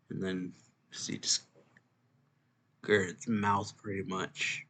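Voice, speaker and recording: Low-voiced man recapping a comic chapter. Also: flat delivery, pushed and bright. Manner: loose, halting retelling with fillers. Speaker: manga reviewer.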